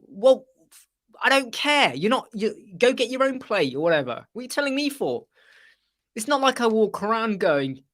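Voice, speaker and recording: A man's voice: sits high, very animated, normal speed, pauses often, bright, forceful tone. A man hosting a live web chat, rambling casually and mimicking other people's voices as he tells anecdotes.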